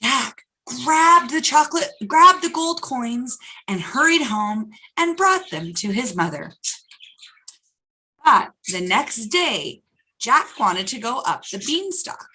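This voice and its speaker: A woman's voice: on the high side, slow pace, husky, low-quality recording. A woman hosting a children's storytime, reading a picture book aloud and asking the kids questions as she goes. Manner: animated, asks the children questions.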